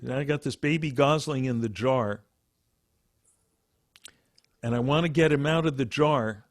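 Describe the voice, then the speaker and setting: A man's voice: medium pitch, measured pace, dry recording, studio quality, natural voice. A man voicing a fussy, worried government official asking a master for help. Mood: fretful.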